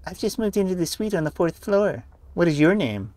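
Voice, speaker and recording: A lonely, earnest little girl of nine, as a man puts her on, raised well above his own pitch and often hushed. She chatters in a prim, formal way. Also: sing-song, fairly quick, dry recording.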